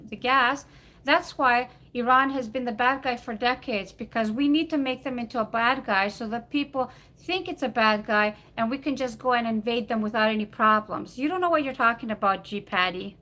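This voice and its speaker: A woman's voice: on the high side, moderate pace, sharp tone. A woman vlogger answering viewer comments in an argumentative, lecturing way, often repeating words and restarting sentences. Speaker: political science graduate. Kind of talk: vlog reply to viewer comments.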